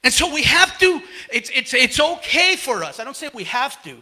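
A man's voice: very high voice, sing-song, normal speed, bright, forceful tone. A male pastor preaching a sermon, out of breath, often stumbling and repeating words as he retells a story. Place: church.

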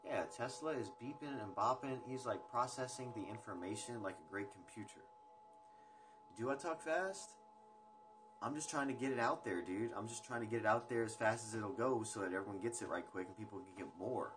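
A young man with a lowish voice talks fairly quickly as he hosts a casual livestream from home, chatting loosely with viewers, drifting between topics, and swearing now and then. He's on a phone livestream, with music playing in the background.

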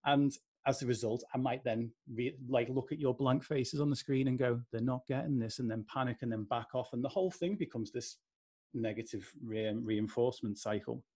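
A northern English man talks to an online audience, slipping into little voices for the thoughts he describes. His tone is mellow and soft-edged. There is a slight husk to it. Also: mid-range voice, moderate pace, slightly rough. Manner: conversational, acts out inner voices. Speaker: speaker. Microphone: video call.

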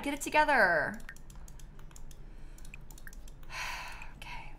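A young woman chatting casually to her viewers while playing a game live, animated and talking back to the game. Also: medium pitch, measured pace. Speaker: streamer. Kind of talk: casual live-stream gameplay chat. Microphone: headset.

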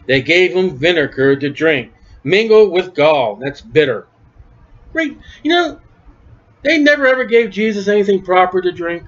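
Impassioned high-voiced male preacher. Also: lively intonation, normal speed. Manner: impassioned, swinging from low murmurs to shouts. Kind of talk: sermon. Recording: dull lo-fi recording.

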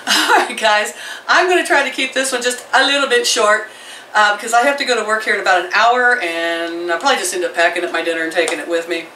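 A middle-aged woman talks casually to her viewers and her animals, rambling from one thing to the next in a home vlog. Her voice is bright and carries a roomy echo. She sits some way back from the camera mic, with faint noise behind her. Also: on the low side, recorded from a distance. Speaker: vlogger. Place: home, indoors and out by the chicken pen.

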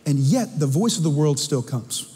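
The sermon comes from a pastor whose voice is high for a man, moving at a moderate pace as he playfully teases and questions the congregation in an animated, conversational way. The recording from the large church sanctuary has a long reverb and a little hiss or hum.

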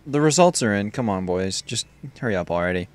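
A young man hosting a casual gaming session, joking and trash-talking friends and breaking into loud shouts. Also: lowish voice, lively intonation, fairly quick. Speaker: gaming YouTuber.

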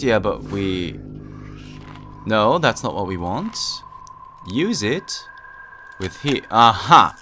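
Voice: medium pitch, sing-song, slow pace, long pauses, bright, forceful tone, a little hiss or hum. A let's play gamer giving casual gameplay commentary, easily spooked and full of nervous exclamations.

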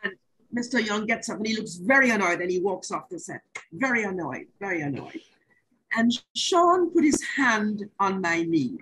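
An older woman from Jamaica, a former actress, telling animated stories in an interview and acting out the lines she quotes. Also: medium pitch, moderate pace, slight background noise, rough recording. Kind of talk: storytelling interview.

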